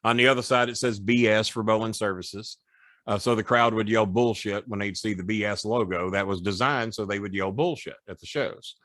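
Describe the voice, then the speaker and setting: Low-voiced and brisk, the middle-aged man is heard on a dry recording with clean studio sound. As a podcast guest and onetime wrestling manager, he tells casual stories that are animated, boastful and profane.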